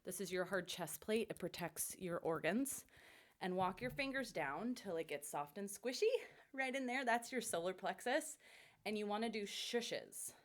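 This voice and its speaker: A middle-aged woman vocal coach leading a warm-up lesson with upbeat, encouraging instructions. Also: mid-range voice, animated, normal speed.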